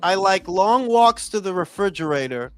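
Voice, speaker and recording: A man's voice: high voice, lively intonation, normal speed, clear, resonant tone, faint music behind. A man hosting a live boxing talk stream, teasing his panel with profane banter. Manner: profane, teasing, loud laughs. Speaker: podcast host. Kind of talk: rowdy casual stream banter.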